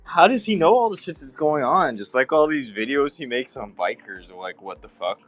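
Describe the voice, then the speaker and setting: A man's voice: medium pitch, lively intonation, soft background music. A man joining a livestream panel, casually and profanely recapping the day with disbelief. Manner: incredulous, profane, fast recapping.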